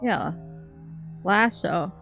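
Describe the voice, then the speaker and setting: A young woman streams a game as a vtuber, rambling casually, reading game text aloud and laughing a lot in an animated way. Her voice is medium-pitched, very slow and creaky, with faint music in the background.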